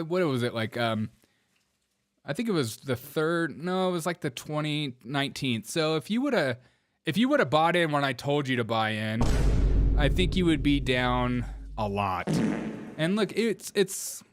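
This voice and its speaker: A man hosting a livestream commentary show, animated and giggly, laughing through his words. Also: on the high side, normal speed, noisy background. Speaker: show host.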